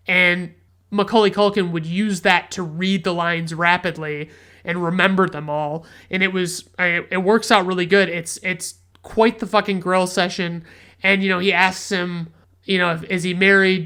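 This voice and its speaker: A man's voice: high-pitched, level tone, normal speed, sharp tone, clean tone. A man hosting a podcast, casually recapping a film in a rambling, profane, enthusiastic way. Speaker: podcast host, film reviewer.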